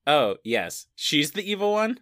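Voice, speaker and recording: A man's voice: fairly high pitch, sing-song, a little slow, pushed and bright. A man co-hosting a casual podcast chat, joking and playful, laughing often. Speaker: podcast co-host.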